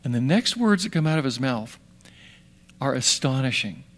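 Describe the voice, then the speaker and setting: A man preaching a sermon with dramatic swings between hushed and emphatic delivery. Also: medium pitch, animated, moderate pace.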